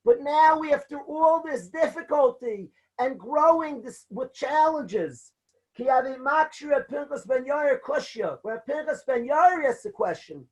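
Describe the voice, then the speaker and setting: A man's voice: very high-pitched, measured pace, poor audio. A man who is a rabbi, telling a story with animation in a sermon to students. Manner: animated storytelling, rising to emotional peaks.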